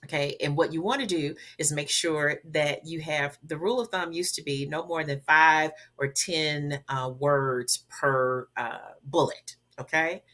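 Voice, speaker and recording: Emphatic, bright-voiced woman coaching speakers. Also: sits low, fairly even intonation, unhurried, few pauses. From Southern United States. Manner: emphatic and instructive, repeats key words. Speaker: guest, public speaking coach. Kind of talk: advice in a podcast interview.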